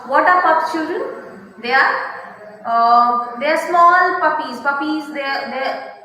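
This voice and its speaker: A woman's voice: high voice, pushed and bright. A woman teaching young children, reading a poem and asking them simple questions again and again. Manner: slow, repetitive, asks children questions. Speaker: primary school teacher. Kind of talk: online class lesson reading a poem. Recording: echoey room with long reverb.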